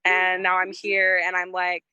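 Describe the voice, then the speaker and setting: Bright-voiced woman telling a rambling story. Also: fairly low pitch, completely flat delivery, unhurried, clear, resonant tone, no echo, muffled recording. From Michigan. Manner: rambling storytelling with lots of fillers and laughter; acts out quoted lines in a raised voice. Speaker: guest musician. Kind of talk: casual interview chat.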